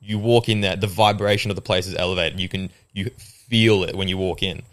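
A man's voice: low voice, steady tone, a little fast. A young man chatting casually on a podcast, rambling with lots of fillers and restarts.

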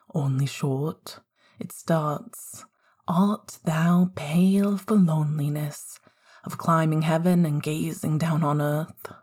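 A woman voicing a young man who is struggling against a wolfish pull, in a low, rumbling murmur. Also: mellow, slightly rough, exaggerated voice. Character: young man fighting his inner wolf.

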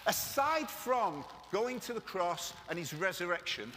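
A man's voice: sits high, big pitch swings, unhurried, pushed and bright, slight background noise. A man preaching a live sermon to his congregation, chatty and joking as he speaks straight to the room. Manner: jokey, chatty preacher who addresses the room directly. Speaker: pastor. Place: church hall with live audience. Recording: long hall reverb.

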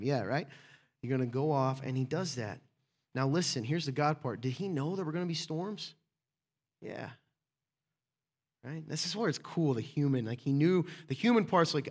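Speaking at a normal pace with an animated, mid-range voice, this pastor preaches casually and conversationally. He jokes with listeners by name while shifting from booming to quiet.

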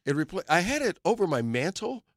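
A middle-aged man from Detroit who hosts a film show, telling animated stories in casual chat and acting out the people he quotes. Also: sits high, a little fast, no room sound, studio quality. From Detroit, USA. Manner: animated storyteller who acts out quoted voices.

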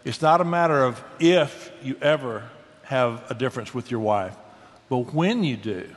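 A man's voice: medium pitch, expressive, normal speed. A middle-aged man talking about marriage in an earnest, folksy way, often restarting his words. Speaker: guest speaker on marriage. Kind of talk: casual Christian talk show conversation. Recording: long hall reverb.

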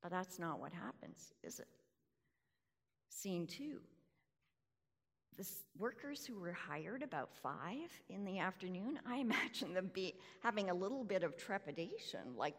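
A woman preacher giving a sermon, deliberate and full of rhetorical questions. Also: medium pitch, very animated, bright, forceful tone. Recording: reverberant hall.

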